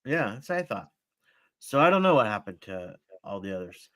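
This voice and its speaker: A man hosts a relaxed podcast and reacts to movie trailers in a loose, rambling manner, often trailing off. His voice sits low. The sound is close and dry. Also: fairly quick, no echo. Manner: laid-back, rambling, trails off. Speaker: podcast host. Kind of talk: casual chat reacting to trailers.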